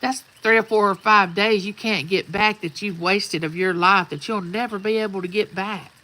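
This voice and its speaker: A woman's voice: medium pitch, fairly even intonation, moderate pace, bright, forceful tone, low-quality recording. An older woman, telling folksy stories in a rambling, casual chat outdoors. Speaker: vlogger. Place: outdoors at sunrise.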